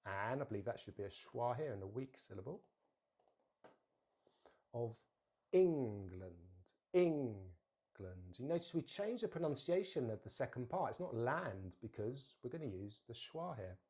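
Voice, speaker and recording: A man teaches English pronunciation at an even middle pitch. He talks the learner through each example and says the model words slowly and deliberately, then repeats them. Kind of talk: pronunciation lesson.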